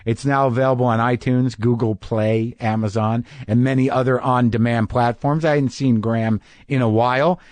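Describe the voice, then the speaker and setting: A man's voice: medium pitch, fairly even intonation, moderate pace, few pauses, darkish tone, no room sound. A man hosting a podcast, telling a rambling, self-deprecating story in a casual comedic monologue. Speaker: podcast host.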